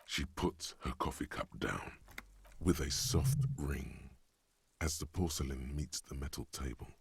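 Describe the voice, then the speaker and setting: An actor narrating a video game in a slow, measured way. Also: male voice, a bass voice, gravelly, slightly rough, heavily acted. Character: grave, all-knowing male game narrator.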